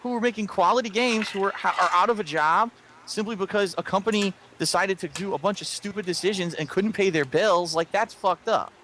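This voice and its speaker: A man with a bright, forceful, slightly high voice talks emphatically about video games. Faint noise hums behind him on the recording. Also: fairly quick. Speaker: co-host of a gaming video. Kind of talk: opinionated gaming discussion.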